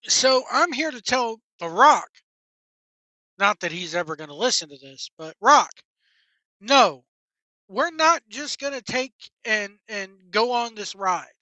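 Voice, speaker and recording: A woman with a high voice talks straight at the listener in an exasperated, profane solo rant. The sound is dry and dull, with a lo-fi edge. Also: expressive, a little slow, sharp tone, no room sound. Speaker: wrestling commentary host.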